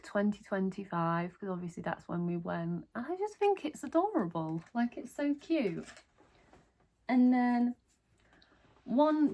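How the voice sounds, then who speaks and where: Slow, gushing woman vlogger. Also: mid-range voice. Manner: gushing, enthusiastic. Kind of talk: casual haul video chat.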